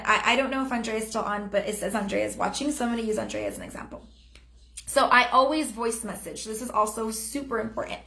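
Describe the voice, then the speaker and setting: A woman's voice: on the high side, a bit bright, reverberant. A woman in her thirties giving a chatty, upbeat sales training live from her home, often acting out sample messages. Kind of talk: live-stream training talk. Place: home room. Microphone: phone or webcam on a live stream.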